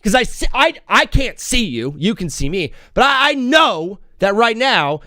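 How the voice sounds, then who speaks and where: A man hosting a live sports talk show, rambling and joking in an excitable, casual way. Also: sits high, normal speed, few pauses, no room sound, studio quality.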